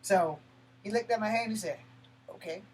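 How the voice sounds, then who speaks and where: A man telling a personal story in a blunt, profane, animated way, breaking off and restarting mid-sentence. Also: high-pitched, brisk, a little hiss or hum, poor audio. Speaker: martial arts channel host. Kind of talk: personal story told to camera.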